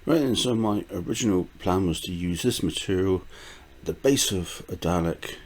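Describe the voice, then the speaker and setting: A man's voice: sits low, animated, normal speed, slightly rough. An older man from the UK rambling casually through a gardening vlog, with frequent fillers, restarts and small chuckles. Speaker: gardening vlogger.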